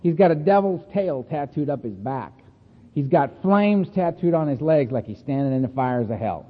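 A high-pitched man speaks at a recovery meeting in an animated, chatty storytelling way, laughing often between lines. The sound is thin and tinny, like a phone line, with a long echo from a meeting hall. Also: moderate pace. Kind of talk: storytelling talk.

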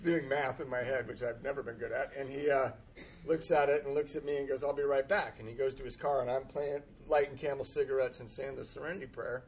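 Steady in tone and a little fast, this mid-range voice comes with a bit of hiss or hum. The man is telling a funny personal recovery story, voicing the dialogue himself and frequently laughing at his own expense.

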